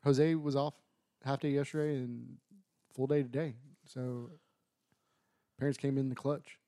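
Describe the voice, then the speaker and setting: A man co-hosting a podcast in casual banter, loud and excitable, prone to raising his voice. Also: medium pitch, measured pace, dry recording, studio quality. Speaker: podcast co-host. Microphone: studio microphone.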